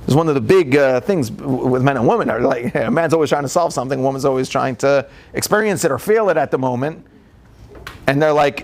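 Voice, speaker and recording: A man's voice: a little high, fast talker. A man, a rabbi giving a humorous lecture, telling family stories and acting out the dialogue with lots of laughter. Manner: animated storytelling, acts out dialogue, frequent laughter.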